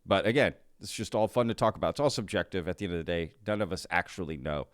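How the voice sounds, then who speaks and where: This man's low, smooth voice moves fast and expressively in studio-quality audio with no room sound. Hosting a casual reaction commentary, he thinks out loud, throws out many questions, restarts often and laughs occasionally.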